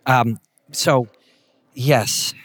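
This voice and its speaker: A man's voice: mid-range voice, steady tone, very slow, fairly bright tone. A middle-aged man from Canada, a guest telling stories in an interview, emphatic and blunt with salty language. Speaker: guest, fight commentator. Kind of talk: casual interview storytelling.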